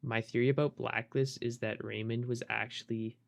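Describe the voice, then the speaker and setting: A young male streamer talks casually with his chat while he plays, dropping swear words as he goes. His voice sits at an ordinary middle pitch for a man, and his manner is relaxed and off the cuff. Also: moderate pace, vocal fry. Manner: loose, swearing, chatting with viewers.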